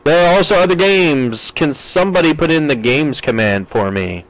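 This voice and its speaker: A man's voice: a little high, expressive, moderate pace, dry recording, poor audio. A man from the United States in his thirties, streaming a game live and chatting with his viewers, reading their messages aloud with playful jokes.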